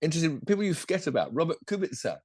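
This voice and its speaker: A man's voice: on the high side, sing-song, racing, a little mellow, breathy edge, no room sound, clean studio sound. A man co-hosting a podcast, chatting casually about motorsport in a rambling, self-correcting way. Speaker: podcast co-host.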